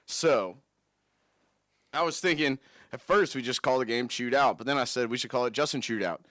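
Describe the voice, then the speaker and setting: A man's voice: mid-range voice, moderate pace, a bit bright, no echo, studio quality. A man co-hosting a podcast in casual banter, eager and steering the talk back to his plan. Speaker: podcast co-host.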